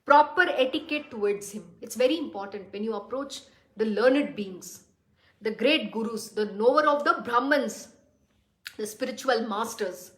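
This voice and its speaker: A woman giving a spiritual lesson, reading verses slowly and then explaining them with earnest questions to her listeners. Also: on the high side, fairly bright tone. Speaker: spiritual teacher. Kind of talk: scripture commentary talk. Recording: roomy echo.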